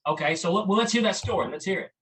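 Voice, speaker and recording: A man's voice: high-pitched, rapid-fire, a bit bright, breathy edge, rough recording. A man hosting a casual podcast, asking his guest questions in an eager, friendly way. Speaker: podcast host.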